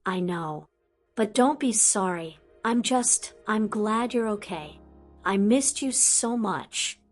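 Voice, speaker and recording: A woman's voice: fairly high pitch, animated, unhurried, soft background music. Woman reading as an earnest teenage witch girl. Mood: earnest, soft.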